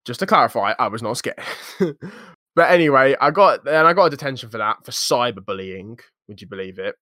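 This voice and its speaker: A young man co-hosting a podcast, telling a story in a lively, jokey, slangy way. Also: medium pitch, brisk, no echo, studio quality. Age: young adult. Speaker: podcast co-host. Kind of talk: casual storytelling chat.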